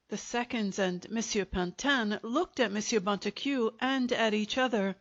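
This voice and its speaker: A woman narrating a short story in a measured, even storytelling manner. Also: fairly high pitch. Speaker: audiobook narrator. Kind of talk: scripted narration. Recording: dull lo-fi recording.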